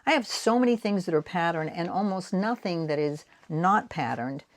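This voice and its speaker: A fairly low voice with lively intonation, spoken at normal speed, comes from a Boston-accented art vlogger in her sixties. She talks casually while painting and making prints, wandering from thought to thought and teasing herself along the way.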